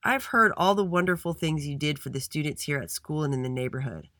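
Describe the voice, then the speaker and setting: A man's voice: on the high side, lively intonation, brisk, bright, forceful tone, no echo, clean studio sound. A man playing a stern school principal. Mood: firm. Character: stern but fair female school principal.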